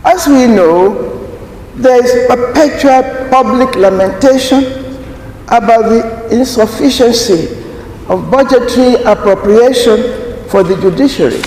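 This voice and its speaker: A man giving a formal prepared speech at a conference, slow and deliberate, stressing key words. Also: very high voice, a little mellow, a little hiss or hum. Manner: slow, deliberate, emphatic delivery. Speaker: conference speaker. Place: large conference hall. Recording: echoey hall, faint ambience.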